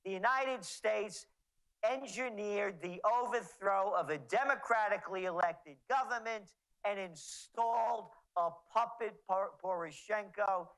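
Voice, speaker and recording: Slow, sarcastic male radio guest. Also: high voice, a bit bright, rough recording. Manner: sarcastic, mocking, indignant. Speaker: guest commentator. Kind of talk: talk radio interview.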